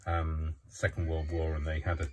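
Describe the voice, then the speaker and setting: Deep-voiced, rambling man. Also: completely flat delivery, moderate pace, background noise. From Coventry, England. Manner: rambling, chatty, many fillers. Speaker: craft vlogger. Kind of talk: casual chat while crafting.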